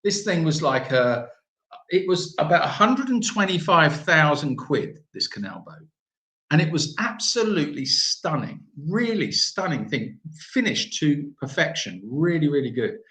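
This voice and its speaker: A man's voice: fairly high pitch, very animated, unhurried, bright, forceful tone, echoey room. A man hosting a live stream, reading out viewer messages and joking with them in a casual chat.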